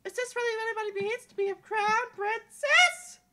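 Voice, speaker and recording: A woman voicing an excitable young princess in a high, squealing, overacted voice. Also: fairly quick, slight background noise. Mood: pleading.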